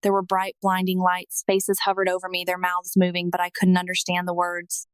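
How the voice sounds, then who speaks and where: A woman narrating a scripted first-person testimony in a slow, emotional, earnest manner. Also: on the low side, monotone, smooth, no room sound.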